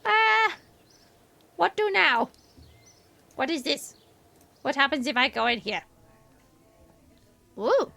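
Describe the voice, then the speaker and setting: A woman's voice: high voice, sing-song, slow pace, vocal fry, long pauses, pushed and bright, full character voice. A woman voicing a tiny ancient male alien sage who talks with his words in backwards order, playful on a live game stream. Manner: inverted word order, playful.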